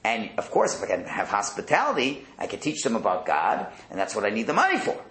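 A man teaching a Torah class in an animated way, asking rhetorical questions and acting out quotes. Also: on the low side, quick pace. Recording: roomy echo.

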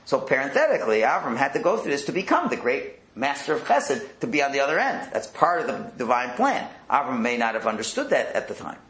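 A man teaching a Torah class in an animated way, asking rhetorical questions and acting out quotes. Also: medium pitch, a little fast, few pauses. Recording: roomy echo.

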